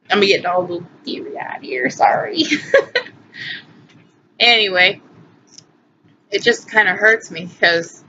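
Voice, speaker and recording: A woman's voice: mid-range voice, pushed and bright. A woman in her twenties telling a personal story in a chatty, emotional, rambling way on a phone recording. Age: 20s. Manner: chatty, emotional, lots of "anyway" and asides. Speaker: vlogger. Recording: muffled phone audio with faint hiss.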